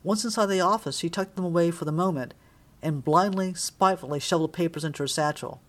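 A woman's voice: fairly low pitch, fast talker. Woman narrating an audiobook. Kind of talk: scripted narration.

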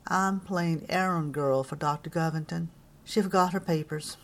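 A woman's voice: low-pitched, fairly even intonation, moderate pace. A woman voicing a tall, sardonic Southern academic woman with a dry way of talking, in an audiobook reading. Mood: wry.

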